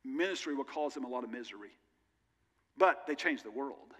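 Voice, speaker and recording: A man's voice: mid-range voice, animated, normal speed, a bit bright. A male pastor preaching a sermon in an earnest, conversational way with candid personal asides, recorded in a church sanctuary. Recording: long reverb of a large church hall.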